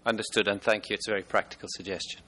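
A man presenting at a conference and answering audience questions in a halting way, often restarting and repeating words. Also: on the low side, little pitch movement, pushed and bright.

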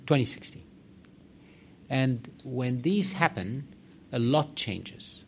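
A man's voice: mid-range voice, lively intonation, slow, slight background noise. A man executive giving direct, emphatic remarks to a meeting. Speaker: organization executive addressing a meeting. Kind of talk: conference remarks.

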